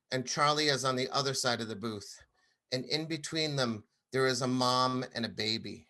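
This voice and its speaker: A man in his thirties telling a personal story to an audience, animated and acting out the people he quotes. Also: on the high side. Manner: animated, acts out quoted voices.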